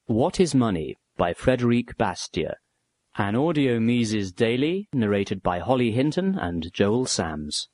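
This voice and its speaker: Brief: male announcer, lively intonation, dry studio read of credits. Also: mid-range voice, a little slow, dry recording. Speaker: audiobook announcer. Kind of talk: title announcement.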